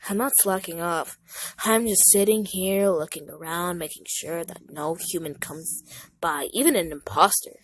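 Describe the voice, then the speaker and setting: A woman's voice: on the low side, normal speed, close to an everyday voice. A woman doing a nervous, deferential skeleton guard. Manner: hesitant, deferential.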